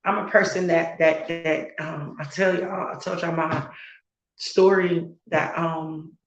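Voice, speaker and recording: A woman content creator speaking earnestly and emotionally on a live stream, halting as she talks. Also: low-pitched, fairly even intonation, reverberant, muffled recording. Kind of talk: heartfelt live-stream talk.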